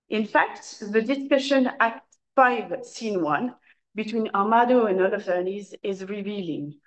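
A woman, an academic speaker reading a prepared paper aloud at a conference in a measured, formal way with occasional hesitations. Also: medium pitch, rough recording. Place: lecture room at a conference.

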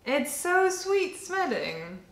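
A woman's voice: extremely high pitch, sing-song, slow pace. A woman co-hosting a tea tasting in casual chat, chatty and gushing, laughing often. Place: indoor room with cups and dishes. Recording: echoey room with clinking dishes.

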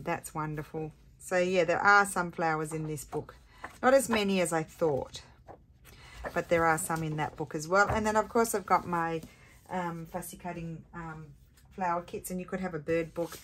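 Chatty lower-voiced woman crafting at home. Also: steady tone, moderate pace, a bit bright, slight background noise. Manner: chatty, thinking aloud with many ums. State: has the hiccups. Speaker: craft tutorial host. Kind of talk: casual craft tutorial.

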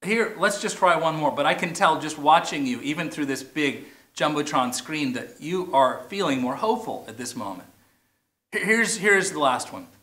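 A man's voice: fairly high pitch, lively intonation, normal speed, sharp tone. A man preaching a sermon as pastor, playful, stretching out key words for emphasis. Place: large church or plaza. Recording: echoey, roomy sound.

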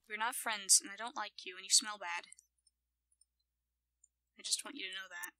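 A woman quietly commenting on her own gameplay, often in a whisper and talking playfully to herself. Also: mid-range voice, fairly even intonation, normal speed, pauses often, low-quality recording. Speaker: gaming channel host.

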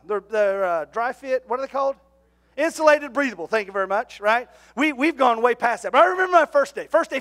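A man preaching a sermon, telling stories in an animated, jokey way and shouting at the punchlines. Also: extremely high pitch. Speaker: pastor. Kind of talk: storytelling sermon. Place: church.

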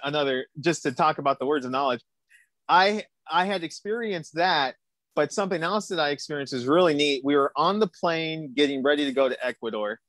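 A middle-aged man as an interview guest, telling a personal testimony in an animated, quick way. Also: fairly high pitch, dry recording. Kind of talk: storytelling testimony.

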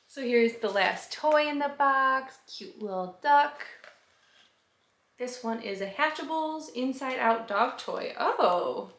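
A woman's voice: high-pitched, expressive, takes it slowly, a bit bright, slight background noise. A woman hosting a casual unboxing vlog, slipping into sing-song baby talk as she chats to her dog at home. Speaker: vlog host. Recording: roomy, echoey room sound.

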